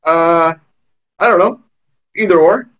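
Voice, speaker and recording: A man with a Canadian accent hosts a podcast in a casual interview chat, easygoing and asking short questions. His voice is high, fairly bright, and slow, and the recording has a dull lo-fi sound.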